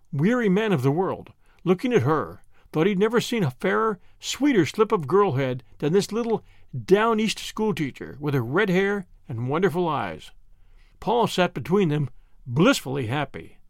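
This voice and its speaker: A man narrating a classic novel as an audiobook in a gentle, expressive storytelling manner. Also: sits high, no echo, clean studio sound. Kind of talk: scripted narration.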